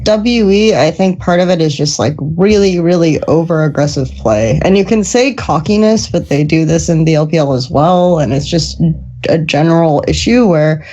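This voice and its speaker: A woman's voice: low voice, normal speed, mellow, lo-fi sound. A woman esports analyst on a panel, talking thoughtfully with hedges and restarts. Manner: thoughtful, hedging, many restarts. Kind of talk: casual panel discussion.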